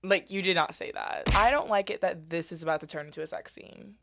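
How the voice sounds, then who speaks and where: Young female reaction YouTuber, sarcastic and crude, lower register. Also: brisk, gravelly, a bit bright, soft background music. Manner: sarcastic, profane, bursts into shrieks. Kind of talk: comedic movie reaction commentary.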